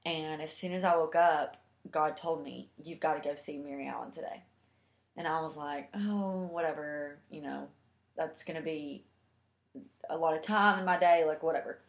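A young woman with a low voice tells a heartfelt personal story, chatty and loose with fillers. The room around her sounds echoey and roomy. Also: fairly even intonation, moderate pace. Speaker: guest telling a personal story. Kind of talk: casual storytelling.

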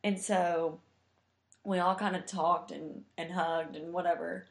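A young woman with a low voice tells a heartfelt personal story, chatty and loose with fillers. The room around her sounds echoey and roomy. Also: fairly even intonation, a little slow, creaky. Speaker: guest telling a personal story. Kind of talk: casual storytelling.

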